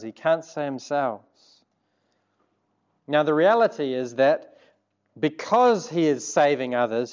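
Earnest New preacher, slightly high voice. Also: male voice, lo-fi sound. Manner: earnest, conversational preaching with asides to the congregation. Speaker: pastor. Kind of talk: sermon.

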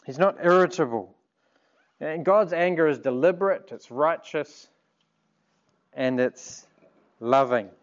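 A man preaching a sermon in an earnest, measured way, asking rhetorical questions. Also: fairly high pitch, dull audio.

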